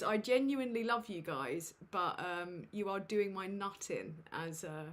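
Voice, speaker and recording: On a casual livestream from her home setup, a woman speaks into a USB desk microphone with an expressive, medium-pitched voice at a measured pace. Flustered and self-deprecating, she uses lots of fillers and swears casually.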